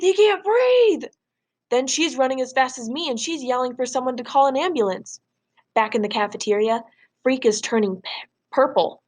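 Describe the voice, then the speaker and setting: Woman teacher reading a novel aloud. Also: on the high side. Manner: expressive, measured read-aloud.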